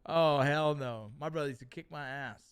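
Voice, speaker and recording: Middle-aged guy chatting on his stream, cursing a lot, slightly high voice, dry close sound. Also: normal speed, clear, resonant tone, dry recording. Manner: profane, animated storytelling. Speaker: livestream host reading chat. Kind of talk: casual livestream chat.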